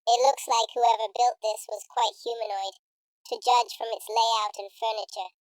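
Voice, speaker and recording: A voice actor playing a clever, practical female alien time traveller in an audiobook, her voice pitch-shifted higher. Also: flat delivery, moderate pace, no echo, poor audio. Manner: crisp, practical, precise. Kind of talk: audiobook character voice.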